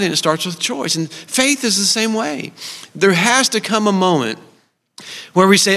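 A middle-aged man preaches to a congregation, his voice sitting a bit high for a man. He tells personal stories earnestly, with flashes of humor. The sound carries a long reverb, as in a large church auditorium. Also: animated, moderate pace, sharp tone. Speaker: speaker at a church service. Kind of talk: sermon.

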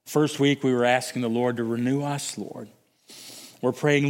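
A male pastor preaching a sermon, moving from hushed, low reflection to raised, emphatic calls and repeating phrases for effect. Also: fairly even intonation, moderate pace. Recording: long hall reverb.

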